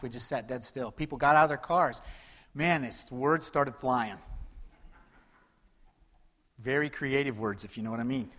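A man preaching a sermon as pastor, swinging between loud emphatic passages and hushed, quiet asides. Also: fairly high pitch, big-room sound.

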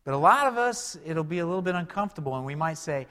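A man preaching a sermon in a conversational way, asking rhetorical questions and swinging between loud and soft. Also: fairly high pitch, animated, fast, few pauses. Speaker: pastor. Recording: long hall reverb.

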